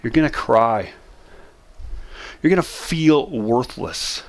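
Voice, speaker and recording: A man's voice: mid-range voice, slow. A man teaching how to manage depression, talking straight to the listener with emphatic, repeated short commands. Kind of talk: motivational teaching talk.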